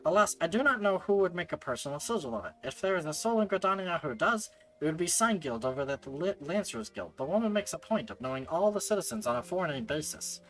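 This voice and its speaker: A man reading aloud the lines of a brisk woman in a game, in formal, old-fashioned phrasing. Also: on the high side, lively intonation, fairly bright tone, rough recording. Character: brisk woman archer giving directions.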